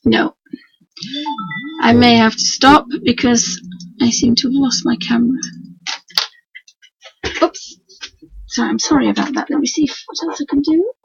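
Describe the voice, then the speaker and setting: A hoarse woman with a Yorkshire accent talks on a live stream, heavy on gravelly fry and very husky. Her voice sits a little high for a woman, and she rambles on in a homely way. The sound is dull and lo-fi, with a dry, close feel. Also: measured pace, pauses often. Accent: Yorkshire English. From Yorkshire, England. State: hoarse, croaky voice. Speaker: craft tutor streaming live. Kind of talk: chatty live painting demonstration. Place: at home at her work desk. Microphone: computer mic for a live stream.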